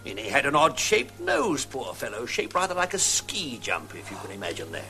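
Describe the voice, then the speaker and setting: A theatrical old Victorian writer, bright lively voice, faint music behind. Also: male voice, mid-range voice, normal speed. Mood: jovial. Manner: grand, theatrical delivery with lilting rises. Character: genial old male Victorian novelist, theatrical and witty. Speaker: sketch character. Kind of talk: scripted TV comedy sketch.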